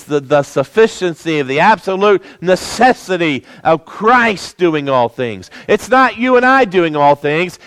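A man preaching a sermon, swinging between loud emphatic peaks and low, quiet stretches, calling for amens. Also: no room sound. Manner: call-and-response preaching, rising and falling emphatically.

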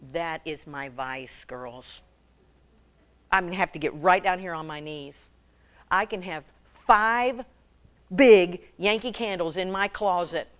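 A woman preaches with humor to a women's group, her pitch swinging lively up and down. She jokes and calls on the audience to answer her questions. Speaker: women's ministry speaker.

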